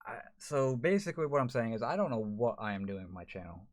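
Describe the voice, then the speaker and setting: A man's voice: mid-range voice, very animated, fast talker. A man, a gaming YouTuber, talking to camera in a frustrated, rambling way, full of restarts. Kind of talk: emotional to-camera vlog.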